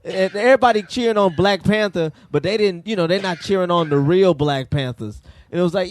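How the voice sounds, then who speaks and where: A man's voice: high-pitched, a little fast, hardly any pauses, no echo. A man co-hosting a comedy podcast, telling stories in casual banter with frequent laughs. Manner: laughing, storytelling. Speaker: podcast co-host.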